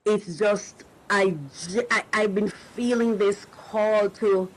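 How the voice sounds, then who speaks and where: Her voice is mid-range with fairly even intonation, and she takes it slowly on a low-quality recording. She is a middle-aged podcast host and coach speaking to listeners about faith in an emotional, searching way, often restarting as she gropes for words.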